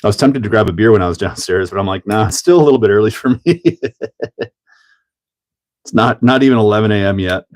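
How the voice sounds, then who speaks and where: A man's voice: on the low side, a little fast, long pauses, darkish tone. A man hosting a casual hobby livestream, chatting and laughing while he builds a model car and greets viewers by name. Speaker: livestream host.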